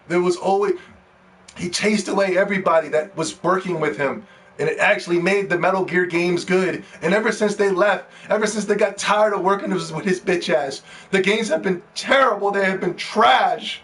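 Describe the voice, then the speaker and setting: A man hosting a gaming podcast, ranting and pleading, dropping to hushed begging and then rising to shouts. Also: on the high side, normal speed, a little hiss or hum. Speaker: podcast host.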